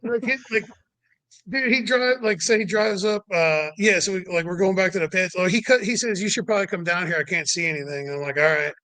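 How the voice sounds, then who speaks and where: High bright-voiced man telling stories. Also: a little fast, no echo, low-quality recording. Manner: rambling, heavy on "like" and "you know". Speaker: podcast guest. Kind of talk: casual storytelling chat.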